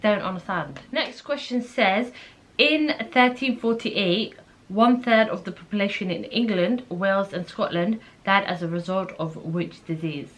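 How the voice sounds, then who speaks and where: Woman vlogger from the Netherlands, mid-range voice, chatty and disbelieving, thinks out loud. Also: medium pitch, measured pace. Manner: chatty and incredulous, thinks aloud and reads questions out. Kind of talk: casual chat while taking an online quiz.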